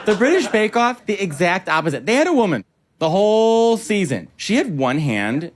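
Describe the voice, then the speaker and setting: A man doing a stand-up set in an American accent, animated and quick to mimic other voices. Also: high-pitched, a little hiss or hum. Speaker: stand-up comedian. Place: comedy club stage. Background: audience laughter.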